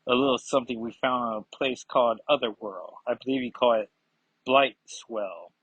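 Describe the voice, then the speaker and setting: A man's voice: mid-range voice, moderate pace, a bit bright, slightly rough, dry recording, highs cut off. A man voicing a ruthless, scheming woman villain, reading her lines in a taunting, threatening way with a stab at a Scottish lilt. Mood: menacing.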